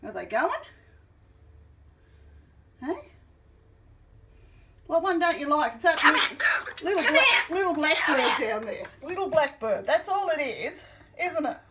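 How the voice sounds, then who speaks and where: A woman's voice: high voice, very animated, unhurried, long pauses, bright, forceful tone, a little hiss or hum. A woman talking to her pet at home in a coaxing, teasing baby-talk manner. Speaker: pet owner. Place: indoors at home by a window.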